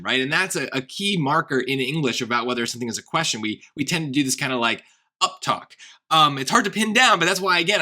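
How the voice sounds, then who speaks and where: A man walks through a test question like a tutor chatting with a student. His voice is bright and sits a little high for a man. He thinks aloud, restarts phrases and keeps checking in with "right?". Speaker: SAT tutor. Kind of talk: casual explanatory lesson.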